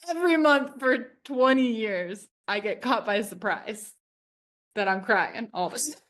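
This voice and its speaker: In a laid-back podcast chat, this thirtysomething female co-host laughs frequently and peppers her stories with "like." She speaks at a moderate pace in a mid-range, fairly bright voice.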